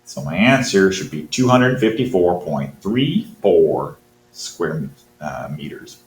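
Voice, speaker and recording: Man, deep voice, math teacher, thinking aloud, roomy sound, faint hum. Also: very animated, slow pace. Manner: thinks aloud while working, encouraging. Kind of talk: talking through a quiz problem.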